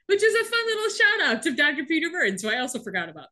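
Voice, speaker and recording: A woman with a bright, slightly high voice recaps a show in casual chat. She laughs often and swings into quick impressions of the characters. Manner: animated, laughing often, acts out characters' lines. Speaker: podcast co-host recapping a TV episode.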